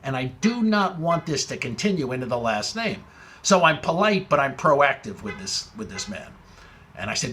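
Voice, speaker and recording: A man's voice: mid-range voice, normal speed. A man telling a comic story in stand-up style, full of wordplay and building to punchlines. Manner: wordplay-heavy, rising excitement in punchlines. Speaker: comedian.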